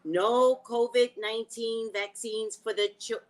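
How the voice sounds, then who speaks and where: A woman's voice: medium pitch, takes it slowly, low-quality recording. A woman psychic hosting a live news chat, blunt and emotional, swearing freely. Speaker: psychic host.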